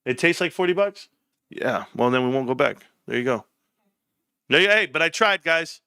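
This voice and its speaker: A man hosting a casual livestream from home, talking in an animated, rambling way with casual swearing. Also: a little high, moderate pace, clean tone, no echo. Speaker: livestream host.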